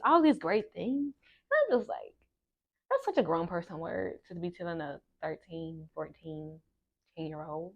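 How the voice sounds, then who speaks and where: A young woman telling a personal story, swinging between loud exclamations and soft asides. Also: on the low side, big pitch swings, normal speed, dull audio. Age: young adult. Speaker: vlogger. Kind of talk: storytime vlog.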